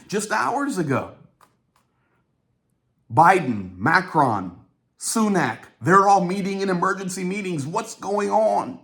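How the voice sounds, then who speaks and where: A man hosting his own show, giving a running news commentary in an informal way, talking straight to his audience. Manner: animated, swings up in pitch for quotes. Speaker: host.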